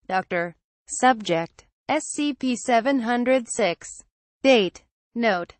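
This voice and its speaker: A woman's voice: on the high side, dry recording. Woman reading a clinical horror file. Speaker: narrator. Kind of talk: scripted horror narration.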